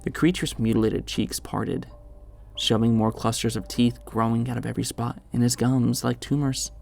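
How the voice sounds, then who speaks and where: A man reading a horror story aloud in measured, dramatic scripted narration. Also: medium pitch, little pitch movement, gravelly, a little mellow.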